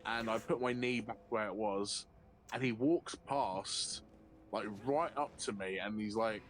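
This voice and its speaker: A man streaming a game, telling a long anecdote in a profane, animated way and often laughing. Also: on the low side, unhurried, slight background noise. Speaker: livestreamer. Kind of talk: casual storytelling while gaming.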